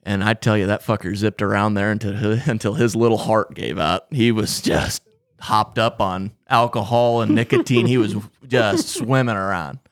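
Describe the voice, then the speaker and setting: A man's voice: on the low side, fairly even intonation, normal speed, dry recording, studio quality. A man co-hosting a podcast, telling a long comic story in casual, profane chat. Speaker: podcast co-host.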